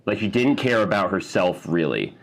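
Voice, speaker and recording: A man with a fairly low voice co-hosts a casual film podcast and talks it over loosely. He acts out quoted lines, jumping up into a higher voice for them. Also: normal speed. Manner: animated, acts out quotes in a high voice. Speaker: podcast co-host. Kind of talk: casual chat.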